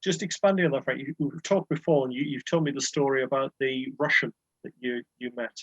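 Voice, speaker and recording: A man's voice: medium pitch, fairly even intonation, brisk, a bit bright, husky, dry recording. A man interviewing a guest in a friendly, hesitant way, with many ums and restarts. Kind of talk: conversational interview. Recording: dry, dull lo-fi mic.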